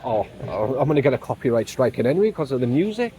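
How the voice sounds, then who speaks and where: A man's voice: mid-range voice, big pitch swings, quick pace, mellow. A man with an English accent chatting casually while out shopping, full of small exclamations. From England. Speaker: vlogger.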